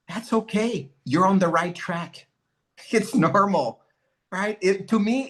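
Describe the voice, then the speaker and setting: A man who leads in network marketing, telling a motivational story and acting out the conversations in it. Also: sits high. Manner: animated, acts out conversations.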